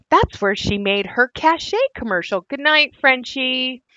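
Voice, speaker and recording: A woman's voice: medium pitch, fairly bright tone, no room sound, dull audio. A woman hosting a casual commentary video, sarcastic and given to laughing at what she shows. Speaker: commentary host.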